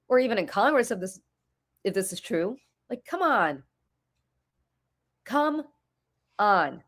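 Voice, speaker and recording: A woman's voice: fairly high pitch, big pitch swings, a little slow, pauses often. A middle-aged woman co-hosting a political talk show, blunt and profane, hammering her points with repetition. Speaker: podcast co-host. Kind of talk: political commentary chat.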